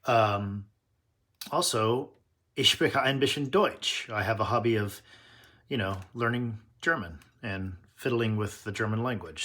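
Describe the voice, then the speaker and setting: A man's voice: fairly low pitch, fairly bright tone. A man hosting his tool channel, chatting casually and nerdily through an unboxing and correcting himself as he goes. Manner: chatty, nerdy, self-correcting.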